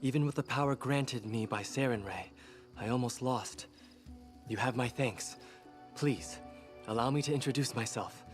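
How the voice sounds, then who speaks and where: A man's voice: medium pitch, soft background music, natural voice. Man voicing Tristian, courteous sun priest. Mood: earnest. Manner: formal, courteous, measured. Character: earnest male priest of a sun goddess. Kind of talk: game character dialogue.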